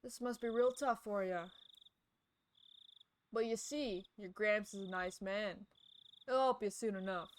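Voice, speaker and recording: A gentle older man with a rustic way of talking, voiced by a woman reading a visual novel aloud. He soothes softly, his voice pitched in an ordinary middle range. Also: unhurried, pauses often, a little hiss or hum, lightly acted. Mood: soothing.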